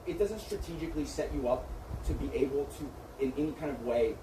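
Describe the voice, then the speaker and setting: A man's voice: mid-range voice, lively intonation, a little fast. Man, heated argument, berating and profane, far from the mic, roomy echo. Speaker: streamer's manager. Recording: echoey room from far off, faint noise.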